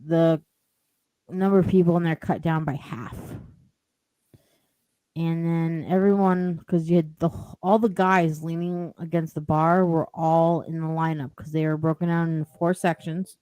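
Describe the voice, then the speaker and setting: A woman's voice: low voice, steady tone, a little slow, warm tone, no room sound. A woman telling a rambling story as a podcast guest, with lots of "like" and "you know". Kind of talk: casual storytelling.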